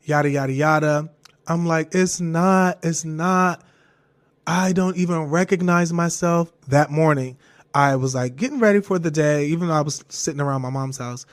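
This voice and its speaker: Animated man telling a personal story. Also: normal speed. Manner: animated, jumps to high falsetto when quoting himself; swears freely, laughs through the story. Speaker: podcast host.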